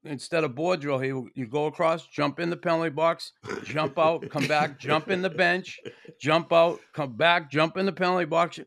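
A man hosting a podcast, chatting about old-time hockey with plenty of swearing and animated retelling. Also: on the high side, normal speed, gravelly. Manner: profane, animated storyteller. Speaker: podcast host. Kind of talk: casual chat.

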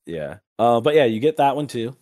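A man's voice: mid-range voice, normal speed. Laid-back man running a tabletop game. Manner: relaxed, laughs often. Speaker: game master.

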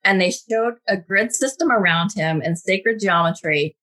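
Husky-voiced woman chatting on a podcast, gets really animated, does the voices in her story. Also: measured pace. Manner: animated, acts out quotes with big pitch jumps. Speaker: guest, intuitive reader.

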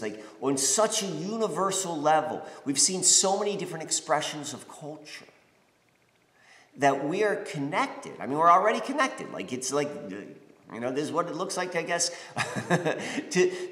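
A man's voice: a little high, a bit bright. Rambling man in an echoey room. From United States. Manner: rambling, many fillers and restarts. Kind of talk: reflective spiritual monologue. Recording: echoey room with long reverb.

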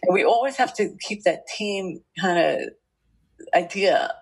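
A woman speaking as a relationship expert, telling stories from her interviews in an animated, rambling way with many restarts. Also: medium pitch, unhurried, husky, poor audio. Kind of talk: storytelling interview answers.

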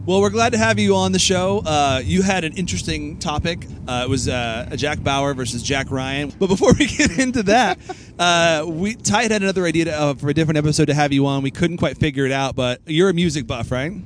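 Upbeat man with a higher voice. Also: fairly quick, background noise. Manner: laughs often, talks in bursts with restarts. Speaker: podcast co-host. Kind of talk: casual podcast chat.

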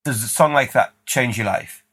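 A man's voice: mid-range voice, normal speed, a bit bright, breathy edge. A man hosting a podcast, asking questions carefully with hesitant restarts. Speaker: podcast host. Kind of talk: interview questions.

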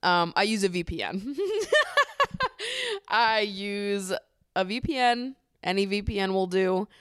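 Bubbly young woman hosting a chatty podcast; smooth, crisp voice, dry close sound. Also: mid-range voice, sing-song, slow pace, a bit bright, no room sound. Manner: bubbly, gushing, laughs often. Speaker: podcast host. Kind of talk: casual podcast chat.

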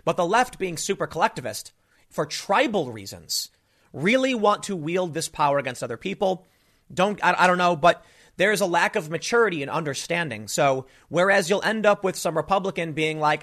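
A man's voice: fairly high pitch, animated, normal speed, fairly bright tone. Rambling male political commentator. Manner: rambling, frequent restarts and fillers. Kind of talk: casual opinion monologue.

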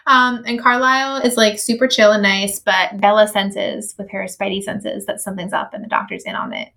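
A woman's voice: medium pitch, animated, normal speed, creaky, pushed and bright. A woman co-hosting a podcast, chatting casually, incredulous and laughing, with lots of fillers. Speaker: podcast co-host. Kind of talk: casual chat.

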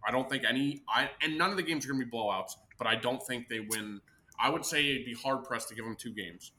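Fast, bright-voiced man arguing sports. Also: medium pitch, slight background noise. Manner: argumentative, defends his picks. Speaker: podcast co-host. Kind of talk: casual sports chat.

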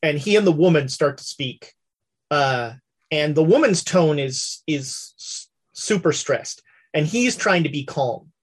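Slow, animated woman game master. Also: sits low, breathy edge. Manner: halting, full of fillers and restarts. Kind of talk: narrating a tabletop western role-play.

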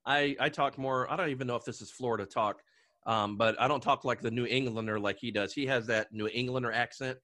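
A man's voice: mid-range voice, fairly even intonation, fairly quick, bright, forceful tone, no room sound. A man hosting a podcast, chatting casually with guests and laughing often. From Delaware. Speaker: podcast host.

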